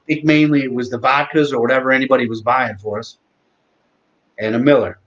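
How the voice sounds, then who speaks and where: A man's voice: mid-range voice, fairly even intonation, a little fast, a bit bright, lo-fi sound. A man in his forties hosting a live stream, rambling through a heartfelt tribute and swearing freely. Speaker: host. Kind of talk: casual live-stream talk.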